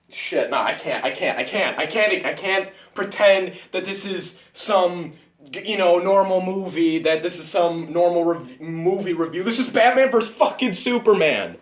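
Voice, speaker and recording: Young male vlogger, higher voice, ranting and breathless, roomy phone audio from a bit off-mic. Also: distant mic. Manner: exasperated, swings from muttering to shouting. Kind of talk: ranting movie reaction.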